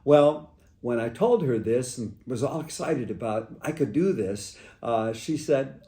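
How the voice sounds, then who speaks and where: A man who is a priest, sharing a gentle personal reflection in a halting, heartfelt way with many restarts. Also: medium pitch, animated. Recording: echoey room.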